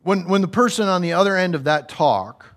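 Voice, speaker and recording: A man's voice: high voice, expressive, a little fast. Conversational man preaching a sermon. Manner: conversational and humorous, builds to raised emphatic delivery.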